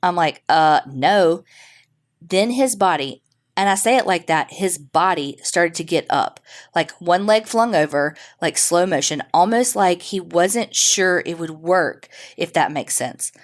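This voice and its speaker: A woman podcast host reading a listener's true ghost story aloud, with dramatic storytelling that slows down for the suspenseful beats. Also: on the low side.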